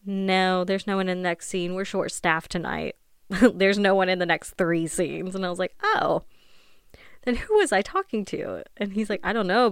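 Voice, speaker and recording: A woman's voice: fairly low pitch, clear, resonant tone, no echo, studio quality. A young woman hosting a podcast, telling her own spooky stories casually, swearing freely and often laughing and trailing off. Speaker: podcast host. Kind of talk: casual storytelling.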